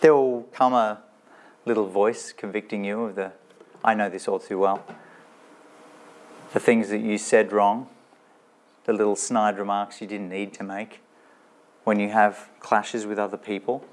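A man's voice: fairly low pitch, level tone, unhurried, long pauses. A man preaching a sermon in a church, talking in a conversational way and asking his listeners rhetorical questions. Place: church with slides shown.

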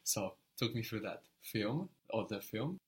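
A man teaching a language lesson, prompting a learner and repeating answers slowly and patiently. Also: on the low side, sing-song.

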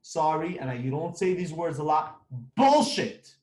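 A man's voice: on the high side, normal speed, darkish tone, echoey room. A man who runs a construction company giving blunt, emphatic business advice, repeating his points.

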